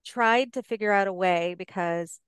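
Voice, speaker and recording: Middle-aged woman, podcast guest, earnest and encouraging, smooth voice, dry close sound. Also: mid-range voice, moderate pace, dry recording. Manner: warm, encouraging, earnest advice-giving. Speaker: podcast guest, life coach. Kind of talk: casual podcast conversation.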